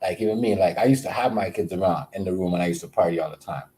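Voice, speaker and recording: A man hosting a casual livestream, rambling with many fillers and repeated words, giving shout-outs to viewers. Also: low voice, very fast. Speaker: livestream host.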